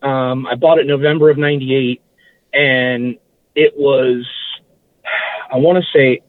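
A man's voice: mid-range voice, fairly even intonation, a little slow, no echo. A man, a guest in a casual interview, recalling things in a rambling way and correcting himself as he goes. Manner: rambling, self-correcting recollection. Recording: tinny phone-like line, dry.

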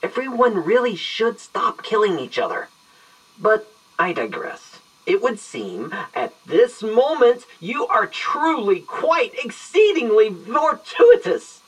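An actor plays a vain, verbose retired detective in an audio drama, talking in a mock-grand way. The pitch leaps all over the place. The voice sits a little back from the mic. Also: very animated, takes it slowly, slightly rough, far from the mic, heavily acted, poor audio. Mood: theatrical. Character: eccentric retired detective, pompous and theatrical. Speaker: detective on an answering machine greeting.

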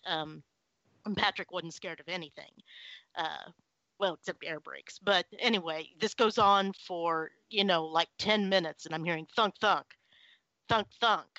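A woman's voice: on the low side, pushed and bright, no room sound, dull audio. A woman telling a personal story at a story night, dramatic and self-mocking, acting out the sounds she heard. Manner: dramatic, mimics sounds, self-deprecating humor. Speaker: guest storyteller. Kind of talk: casual storytelling chat.

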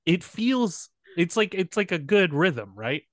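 A man's voice: high voice, sing-song, measured pace, fairly bright tone, no echo. A man co-hosting a podcast in casual chat, joking around and reciting his own comic rhymes. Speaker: podcast co-host.

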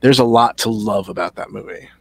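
A man co-hosting a podcast, talking casually in halting phrases with repeated starts. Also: lowish voice, vocal fry, breathy edge. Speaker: podcast co-host. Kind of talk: casual chat.

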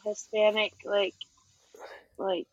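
A woman's voice: mid-range voice, monotone, slow pace, no room sound, muffled recording. A woman co-hosting a comedy podcast, giggly and teasing in casual banter. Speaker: podcast co-host.

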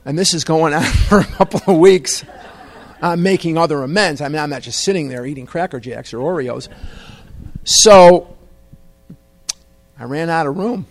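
A man's voice: on the high side, normal speed, long pauses. A man telling a humorous, self-deprecating personal story to a meeting audience. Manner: self-deprecating, wry, conversational. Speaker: speaker at a recovery meeting.

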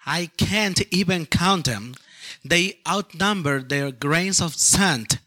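Slow Peruvian-accented man reading scripture. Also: a little high, bright, forceful tone. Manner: slow, careful reading aloud. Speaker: scripture reader in church.

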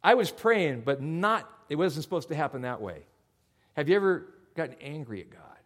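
Animated male pastor preaching. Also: on the high side, moderate pace. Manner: animated, conversational storytelling. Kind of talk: sermon.

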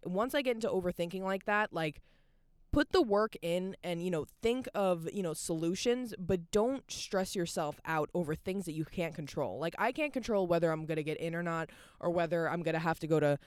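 A woman's voice: lowish voice, brisk, darkish tone, smooth, dry recording, clean studio sound. A young adult woman hosting a podcast alone, talking openly and rambling, with "like" in nearly every phrase. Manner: open and confessional. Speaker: podcast host. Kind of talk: candid solo podcast monologue.

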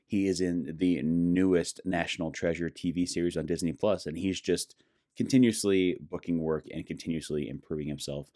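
A man's voice: low-pitched, steady tone, normal speed, dark tone, no echo, clean studio sound. A man from Colorado hosting a podcast interview, chatty and enthusiastic. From Colorado, USA. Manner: enthusiastic, chatty, frequent laughs. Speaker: podcast host. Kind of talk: casual podcast intro and interview.

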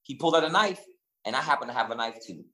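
A man co-hosting a casual chat, telling stories in an animated, profane and rambling way, full of restarts. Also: mid-range voice, quick pace, poor audio. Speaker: podcast co-host.

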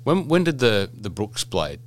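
A man's voice: on the low side, big pitch swings, measured pace, slight background noise. A man hosting a podcast interview, speaking conversationally and thinking aloud with lots of "you know". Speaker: podcast host.

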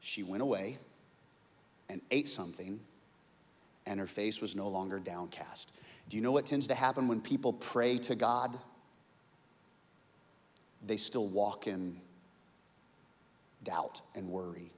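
A man preaching a sermon in an animated way, acting out the voices of the people in his story. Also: on the low side, measured pace, long pauses, in a large hall. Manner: animated, acts out quoted voices. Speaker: pastor.

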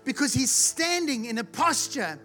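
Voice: sits high, sing-song, moderate pace, soft background music. Impassioned preacher calling out to the congregation. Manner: rhetorical questions, calls for audience response; rises to loud shouts when acting out the blind man's cries. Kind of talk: sermon. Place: church hall with live congregation.

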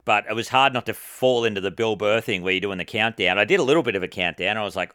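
Aussie podcast co-host, crude laughing storyteller, bright dry voice. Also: male voice, fairly low pitch, fast, few pauses, clear, resonant tone, no room sound. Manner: crude, laughs a lot, acts out crowd voices. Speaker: stand-up comedian. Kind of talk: casual chat, storytelling.

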